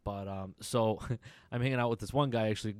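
A young man with a fairly low voice tells a rambling story in casual conversation, laughing often and dropping the odd swear word. The sound is dry and close, with no room echo. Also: steady tone, brisk, smooth.

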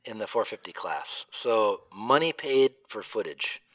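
A man's voice: fairly low pitch, unhurried, dry recording. A man co-hosting a casual podcast, telling stories with lots of laughter and acting out both sides of each conversation. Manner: animated storyteller who acts out both sides of conversations; laughs often while talking. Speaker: podcast co-host. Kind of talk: casual chat, race recap.

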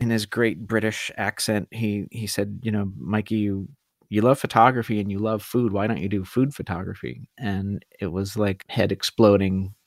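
A man telling the story of his career in a relaxed interview, rambling and self-deprecating, with hesitant restarts. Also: on the low side, no echo, clean studio sound. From California. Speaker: guest food photographer.

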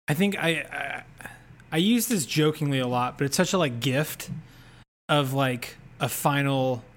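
A man's voice: mid-range voice, fairly bright tone. A young man in casual podcast chat, reflective, with many filler words. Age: young adult. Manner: reflective, filler-heavy talk. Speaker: podcast co-host.

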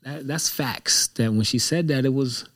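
A man's voice: mid-range voice, normal speed, a bit bright. A man hosting his own show, talking in a casual, reflective monologue that rambles and repeats itself candidly. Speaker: show host.

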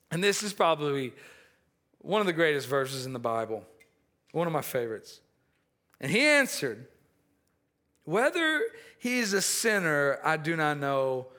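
A man preaching a sermon in an animated way, acting out dialogue from the story and laughing at his own asides. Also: high-pitched, normal speed.

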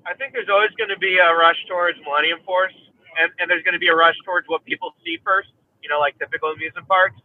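A man's voice: high-pitched, fairly even intonation, fast talker. A man speaking as a guest in a casual podcast chat, rambling with lots of fillers and hiccuping. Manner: rambling, many fillers and restarts. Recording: dry, tinny phone-like line.

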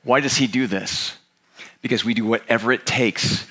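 A man's voice: medium pitch, moderate pace, a little hiss or hum. A middle-aged man preaching a sermon as a pastor, telling a story and acting out the voices of the people in it. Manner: storytelling, animated, acts out quoted characters. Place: church auditorium.

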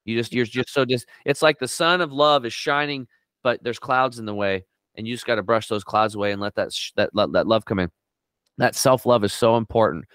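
A middle-aged man talks with restless energy, swinging up high whenever he acts out what someone said. His voice is smooth and resonant, captured dry and close with no room sound. He sounds like an eager guest telling his story in an interview. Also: fairly quick, no room sound. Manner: animated storyteller, acts out quotes with big pitch jumps. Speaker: guest on a health talk show.

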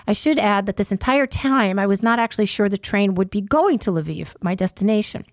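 A woman's voice: medium pitch, animated, a little fast, dry recording, clean studio sound. A woman reading her own first-person dispatch aloud, breaking off for wry conversational asides.

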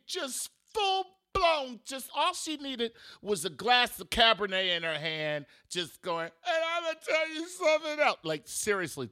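A man's voice: medium pitch, fairly bright tone, dry recording, studio quality. A man who is a comedian hosting a podcast from a room at home, delivering a casual comedic monologue in a sarcastic, joking way.

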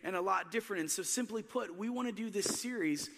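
A man in his thirties preaching a sermon, telling self-deprecating family stories in an animated way. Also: high-pitched, quick pace, vocal fry, big-room sound, a little hiss or hum. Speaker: pastor.

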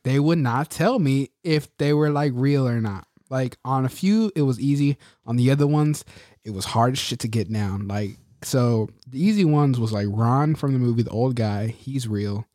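A man's voice: medium pitch, a little mellow, no room sound, clean studio sound. A man co-hosting a casual podcast chat, joking and acting out quotes in a raised voice. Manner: jokey, acts out quotes in a raised voice. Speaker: podcast co-host.

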